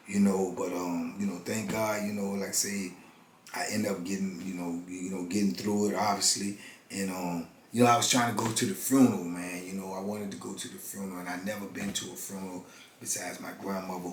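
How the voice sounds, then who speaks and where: A man in his fifties telling a personal story in a halting, earnest way, often restarting and checking in with his listener. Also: deep voice, a little hiss or hum. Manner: halting, earnest, many restarts and "you know what I'm saying". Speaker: formerly incarcerated channel host. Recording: roomy room with faint ambience.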